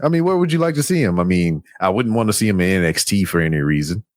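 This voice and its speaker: A man's voice: deep voice, animated, fast, no room sound, studio quality. A man co-hosting a podcast in casual chat, laid-back and joking, rambling through his points. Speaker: podcast co-host. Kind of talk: casual chat about wrestling.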